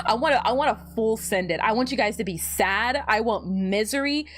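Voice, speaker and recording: A young woman VTuber streamer chatting casually while she fiddles with her setup, animated and giggly, often repeating words and laughing at her own jokes. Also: a little high, moderate pace. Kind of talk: casual livestream chat.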